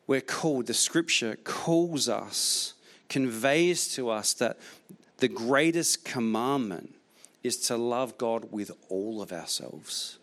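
A man's voice: mid-range voice, a bit bright. A man preaching a sermon as pastor, repeating key phrases emphatically, with frequent restarts.

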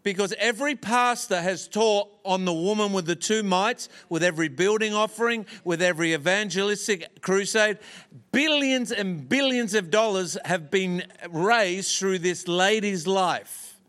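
A man preaching a sermon as a visiting pastor, delivering lines slowly and with emphatic pauses. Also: sits high, fairly bright tone. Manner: preaching with slow emphatic pauses and acted-out story voices. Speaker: guest pastor.

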